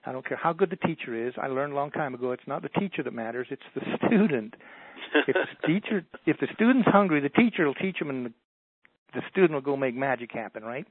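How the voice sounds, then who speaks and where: A man telling stories as a motivational speaker in a radio interview, in a folksy, animated way. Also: mid-range voice, fast talker, husky, dry recording. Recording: dry, tinny phone line.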